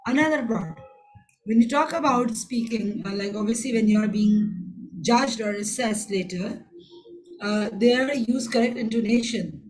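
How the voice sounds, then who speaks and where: A woman's voice: fairly high pitch, measured pace, poor audio. A woman who teaches IELTS. She lectures an online class in an instructive tone and slips into Hindi phrases.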